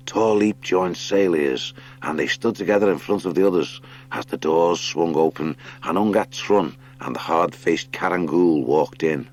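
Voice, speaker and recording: A man reading a children's adventure audiobook as narrator, with expressive storytelling. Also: low-pitched. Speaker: audiobook reader. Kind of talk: scripted narration.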